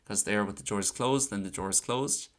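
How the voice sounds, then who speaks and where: Key phrases get repeated slowly as an Irish language teacher from Ireland walks through grammar examples. His voice is lowish and his style is chatty and relaxed, suited to a casual online lesson.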